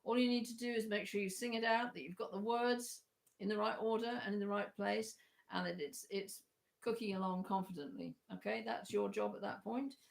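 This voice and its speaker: A woman leading an online choir rehearsal, chatty and hesitant, with a croaky voice, often breaking into sung parts. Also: mid-range voice, steady tone, brisk. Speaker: choir leader.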